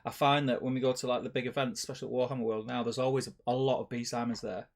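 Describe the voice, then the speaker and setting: A man's voice: mid-range voice, little pitch movement, racing. A man hosting a live hobby stream, chatting casually and rambling with restarts while painting miniatures and reading out chat. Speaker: stream host.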